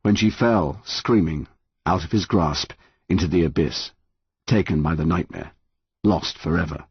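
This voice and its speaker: A man's voice: sits low, measured pace, husky, no room sound, lo-fi sound. A man narrating an audiobook in a dramatic, tense reading. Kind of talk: scripted narration.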